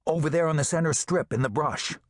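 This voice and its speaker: A man's voice: on the high side, a little fast, dry recording, studio quality, voice pushed up, close to an everyday voice. Man voicing a wary, hissing stray tomcat. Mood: urgent. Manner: alert, urgent, hissing. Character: wary thin male stray cat, watchful.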